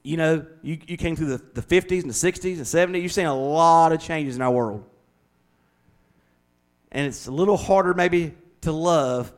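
A man preaching a sermon as pastor, folksy and conversational, speeding up and slowing down as he goes. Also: mid-range voice. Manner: folksy, conversational preaching with shifting pace and volume.

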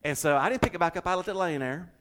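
Southern pastor telling a story. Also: male voice, on the high side, rapid-fire. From American South. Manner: animated storyteller, chuckles, repeats words. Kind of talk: casual chat with co-hosts.

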